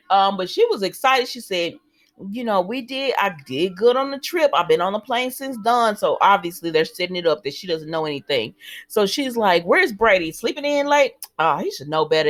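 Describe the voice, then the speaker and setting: A woman talks through a soap opera episode in a loose, conversational recap at a mid-range pitch. She drifts between narrating scenes and voicing the characters' lines, with plenty of fillers along the way. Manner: chatty retelling that slips into quoted dialogue, many fillers. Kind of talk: casual spoken episode recap.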